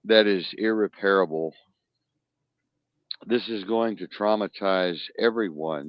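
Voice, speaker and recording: Male podcast co-host, low-pitched, preachy and emphatic, dull dry recording. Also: no room sound. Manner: emphatic, preachy, repeats phrases for effect. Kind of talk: casual podcast talk.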